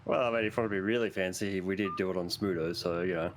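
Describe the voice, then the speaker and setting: A man with a very deep, low voice chats casually over a game. He sounds easygoing and laid-back, with a faint hiss in the background. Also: fast. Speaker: player in a multiplayer game. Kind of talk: casual gaming chat.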